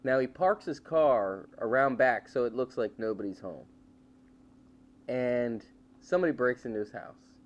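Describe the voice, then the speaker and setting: A man co-hosting a casual comedy podcast, telling a story in an animated way and acting out the voices. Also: mid-range voice, a little slow, muffled recording. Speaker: podcast co-host.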